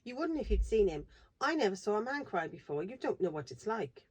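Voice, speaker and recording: A woman's voice: mid-range voice, sing-song, a little fast, a little mellow, slightly rough, low-quality recording. A woman reading aloud, voicing an earnest, kind-hearted young girl in a storybook. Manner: earnest, pleading.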